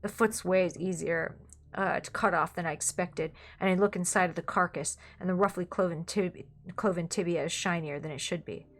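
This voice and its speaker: A woman reading a dark comic story aloud in a wry, deadpan manner. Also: fairly low pitch, a little fast. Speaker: story reader.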